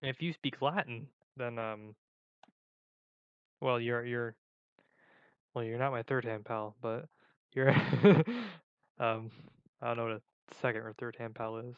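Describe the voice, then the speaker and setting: A man's voice: mid-range voice, unhurried, pauses often, smooth, no room sound, muffled recording. A man in a casual vlog who rambles and jokes at his own expense. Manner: rambling, joking, self-mocking. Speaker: video creator.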